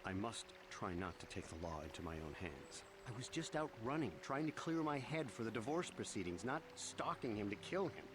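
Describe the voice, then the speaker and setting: An uneasy murder suspect from a video game, pleading his innocence with a lively, swinging pitch and a somewhat low voice. His talk comes through over loud background noise. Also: moderate pace, hardly any pauses. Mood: defensive. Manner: defensive, agitated, lively pitch. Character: nervous middle-aged male murder suspect.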